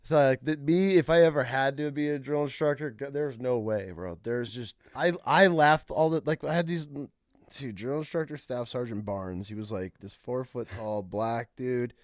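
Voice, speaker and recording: A man hosting a podcast, asking questions in relaxed, slangy casual chat. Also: mid-range voice, no room sound, clean studio sound. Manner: relaxed, slangy, quick to laugh. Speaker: podcast host.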